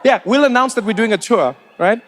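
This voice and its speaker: A man's voice: high-pitched, a little fast. A man with a South African accent doing stand-up comedy, telling stories and acting out other people's voices. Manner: animated storytelling, acts out other people's voices.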